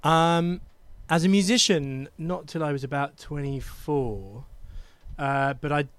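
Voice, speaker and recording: Slow-paced and a little high, this man's voice is clear and resonant, recorded dry. He's a thirtysomething English guest singer with a southern accent, easygoing but hesitant in a casual interview and saying um a lot.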